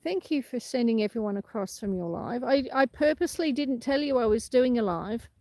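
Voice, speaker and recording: A woman's voice: a little high, animated, brisk, dark tone, no echo. A woman with an Australian accent hosting a casual livestream outdoors on a windy farm, chatting and laughing easily while greeting viewers by name. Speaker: livestream host. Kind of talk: casual livestream chat, reading comments aloud.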